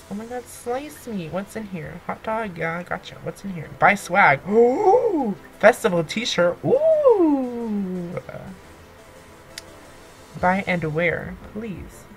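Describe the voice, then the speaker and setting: A young woman giving excitable let's-play commentary, gasping and pleading with the game as she plays. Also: on the low side, measured pace, hardly any pauses, faint music behind, rough recording. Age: young adult. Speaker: gaming YouTuber.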